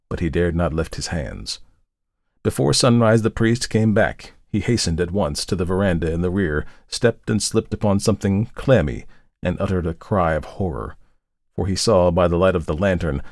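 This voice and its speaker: Hoarse male podcast narrator, deep and gravelly, measured and solemn. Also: dry recording, clean studio sound. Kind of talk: scripted story narration.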